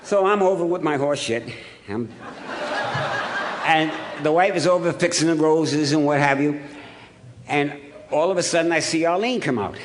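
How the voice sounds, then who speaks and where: A man's voice: on the high side, normal speed, pauses often, background noise. A man in his seventies from Ohio, giving a humorous, blunt, earthy recovery talk as a speaker at a meeting in a hotel ballroom. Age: 70s.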